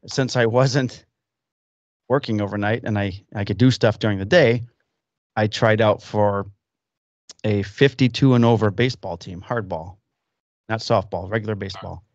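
A man's voice: fairly low pitch, steady tone, moderate pace, pauses often, no room sound, highs cut off. A man in his fifties hosting a podcast, chatting casually and telling rambling anecdotes full of acted-out quotes from other people. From Illinois. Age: 50s. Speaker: podcast host. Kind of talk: casual storytelling chat. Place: home workshop basement.

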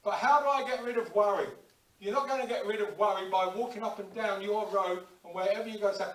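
A man preaching a lively sermon in a church, acting out little everyday scenes and prayers as he goes. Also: sits high, fast talker. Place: church hall. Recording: echoey church hall, distant mic.

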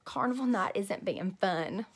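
A woman's voice: high voice, animated, normal speed, pushed and bright, pitched above the performer's own voice, heavily acted. A woman voicing a spunky, sassy little kindergarten girl who complains indignantly in a whiny way. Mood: sad, whiny.

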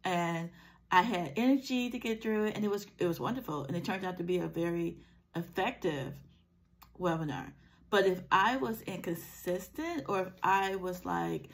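A woman's voice: mid-range voice, lively intonation, normal speed, creaky. A woman coach talking in an earnest, encouraging vlog, her throat scratchy from a cold. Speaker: life coach. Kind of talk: motivational vlog talk.

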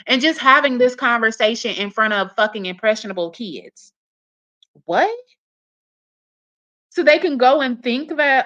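A woman's voice: on the high side, animated, moderate pace, pushed and bright. A woman giving profane reaction commentary, blunt and scolding, swearing heavily as she rants. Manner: mocks others in put-on voices.

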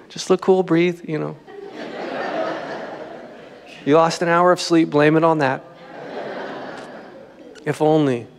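High-voiced pastor preaching in a reverberant hall. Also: male voice, little pitch movement, takes it slowly, vocal fry, pauses often, a crowd in the background. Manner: conversational, joking preaching style. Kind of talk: sermon. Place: church sanctuary.

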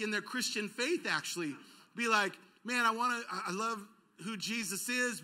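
A man's voice: high-pitched, sharp tone. A man in his thirties, a pastor preaching a sermon, telling stories and acting out dialogue, building to emphatic peaks. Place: church auditorium.

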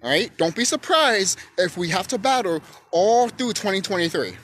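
A man delivering a heated, profanity-laced rant straight to his viewers. His voice sits high and leaps wildly up and down as he pushes his points, now and then bursting into shouts. A faint hiss of noise runs underneath. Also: animated, moderate pace. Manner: profane, emphatic, swings into shouting. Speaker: YouTube channel host. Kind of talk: unscripted ranting monologue.

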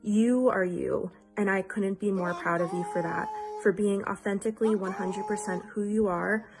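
Earnest woman with an even, level voice. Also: mid-range voice, moderate pace, over music. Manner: earnest, emotional, repeats herself for emphasis. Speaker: friend giving a tribute. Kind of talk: heartfelt get-well message.

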